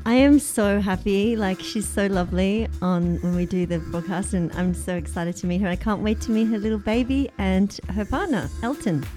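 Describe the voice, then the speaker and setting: A woman's voice: medium pitch, normal speed, few pauses, dark tone, faint music behind. Giggly bubbly female radio co-host. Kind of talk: casual morning radio banter. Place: radio studio.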